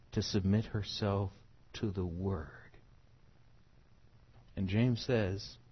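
A middle-aged man from the United States preaching a sermon, emphatic, swinging from soft to loud. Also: on the low side, breathy edge, lo-fi sound.

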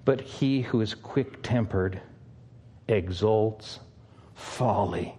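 An older man, a pastor, preaching an earnest sermon with long pauses and a pleading tone. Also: mid-range voice, expressive, a little mellow, slightly rough.

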